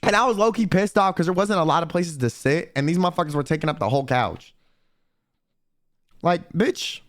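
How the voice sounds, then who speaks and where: A young man, a streamer, telling a profane, animated story in casual chat and quoting people in put-on voices. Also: a little high, a little fast.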